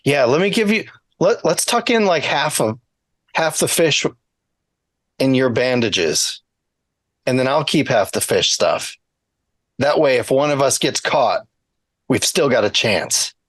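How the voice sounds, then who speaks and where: Giggly player with a lively voice. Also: medium pitch, dry recording. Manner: giggly, unsure, quick. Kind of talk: tabletop role-play.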